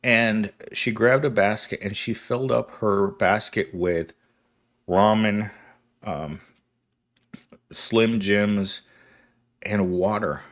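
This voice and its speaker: Wry rambling man with a low voice. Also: takes it slowly, pauses often. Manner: rambling, wry, self-correcting with laughs. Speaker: commentary host. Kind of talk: casual monologue commentary.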